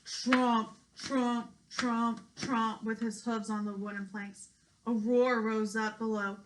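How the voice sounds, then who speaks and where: A woman, a preschool teacher, reading a picture book aloud to young children with expressive, sing-song storytelling. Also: a little high, takes it slowly, a little hiss or hum, rough recording. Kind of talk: children's read-aloud narration.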